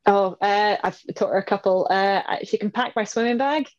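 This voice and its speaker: A woman's voice: medium pitch, moderate pace, muffled recording. A woman in her thirties, talking as an interview guest in a casual, chatty way, laughing often and playing out little voices. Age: 30s.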